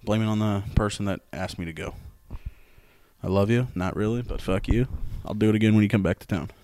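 Speaking a little fast in a lowish, darkish voice with no room sound, this young podcast host keeps his sports show casual. His storytelling is loose and profane, and he laughs often.

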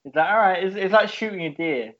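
A man's voice: high voice, fast, slight background noise. A man co-hosting a podcast, mocking a film in casual, sweary chat. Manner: swears freely, mocking, quotes characters. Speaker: podcast co-host. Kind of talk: casual movie review chat. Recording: dull lo-fi recording.

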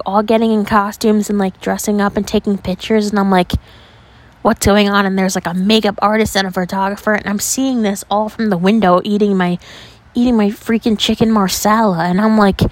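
Chatty young woman from New York. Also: medium pitch. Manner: chatty, animated, heavy use of "like", casual swearing. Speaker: podcast host. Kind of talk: casual storytelling.

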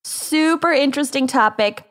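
A woman's voice: high voice, normal speed, fairly bright tone. A woman co-hosting a casual podcast, upbeat and jokey as she leads the segments. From Minnesota. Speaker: podcast co-host. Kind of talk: casual chat.

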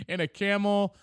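Comic co-host, male, high and clear voice, bouncy storyteller. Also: dry recording, studio quality. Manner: storytelling with silly put-on quotes, laughs often. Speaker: podcast co-host. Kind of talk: casual comedic chat.

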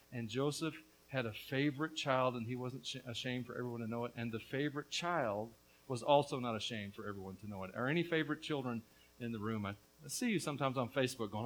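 A middle-aged man preaching a lively, joking sermon, with quick asides to the congregation. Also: mid-range voice, rough recording. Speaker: pastor.

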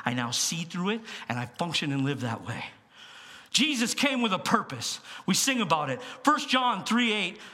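A man delivers a sermon in a church, his voice pitched high and ringing bright. He tells stories with plenty of energy, sliding from quiet confiding asides up to loud, emphatic bursts. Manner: animated storytelling, jumps between hushed asides and loud bursts. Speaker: pastor.

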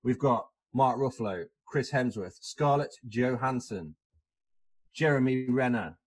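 A man's voice: medium pitch, measured pace. A man co-hosting a podcast in casual chat, hesitant and full of fillers and restarts. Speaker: podcast co-host.

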